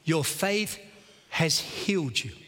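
A man voicing a calm, authoritative male teacher who speaks in a quiet, measured way. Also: a little high, in a large hall. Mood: gentle.

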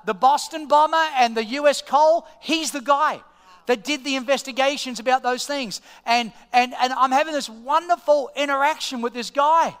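A middle-aged Australian man preaching a sermon as pastor, an animated storyteller who swings from hushed asides to loud excited peaks. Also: extremely high pitch, normal speed, clean tone. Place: church auditorium. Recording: long reverb of a large church hall.

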